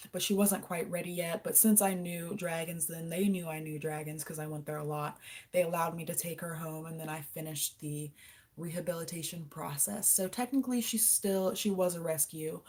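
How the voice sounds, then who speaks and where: A woman's voice: on the low side, fairly even intonation, fairly quick, a little mellow. Young woman, casual livestream host, chatty, coos baby talk to her pet. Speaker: livestream host reading viewer questions. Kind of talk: casual live-stream chat.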